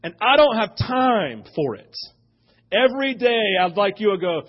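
Pastor guy preaching, fairly high voice, jumps loud to quiet, kinda muffled lo-fi church audio. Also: unhurried, husky. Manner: animated storytelling, swings from loud to hushed. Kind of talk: sermon.

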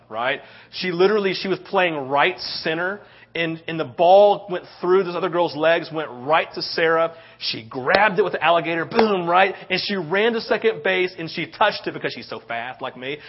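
A middle-aged man preaching a sermon, telling a story with lots of "right?" tag questions. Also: a little high. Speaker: pastor. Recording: dull lo-fi sound.

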